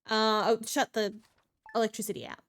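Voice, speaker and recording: Chatty woman, higher voice. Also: flat delivery, moderate pace. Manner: chatty, exasperated, lots of filler ums. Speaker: streamer. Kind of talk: casual storytelling while gaming.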